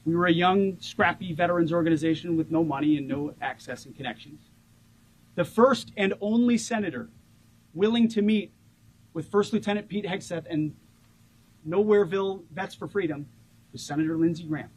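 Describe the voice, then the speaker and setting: A man in his forties giving a rousing ceremonial tribute speech as a government official, stressing key words by slowing down. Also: sits high, poor audio.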